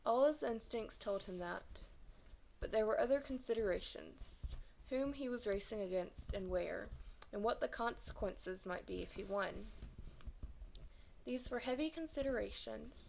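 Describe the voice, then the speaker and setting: Young woman reading aloud, gravelly voice. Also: fairly high pitch, slight background noise, poor audio. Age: 20s. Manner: steady reading with occasional stumbles and self-corrections. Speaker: reader of a children's novel. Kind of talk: storybook read-aloud.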